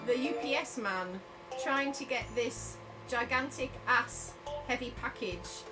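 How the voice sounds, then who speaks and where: High, teasing woman. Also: measured pace, poor audio. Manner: teasing, laughing. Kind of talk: casual banter. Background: game music.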